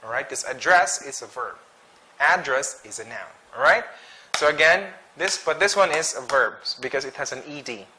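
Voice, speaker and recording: A man teaching an English pronunciation drill, saying each word slowly and twice with short explanations. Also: medium pitch, animated, bright, forceful tone, slight background noise. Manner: slow, deliberate, repeats each word twice.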